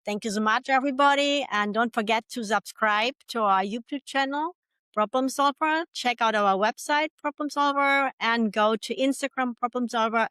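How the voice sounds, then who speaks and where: A woman's voice: a little high, a bit bright, clear, resonant tone, no room sound. A woman hosting a podcast, thanking her guest and reading out channel plugs and a disclaimer. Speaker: podcast host. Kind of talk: podcast sign-off.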